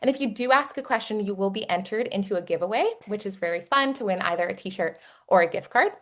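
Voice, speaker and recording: A woman's voice: medium pitch, fast, a bit bright. A woman with a Texan accent hosting a webinar over a video call, bubbly and chatty, with plenty of fillers. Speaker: webinar host.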